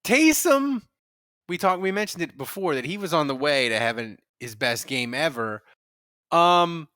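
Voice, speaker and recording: A man's voice: mid-range voice, bright, forceful tone, no room sound, clean studio sound. A man hosting a casual sports podcast, asking long rambling questions with lots of energy. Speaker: podcast host.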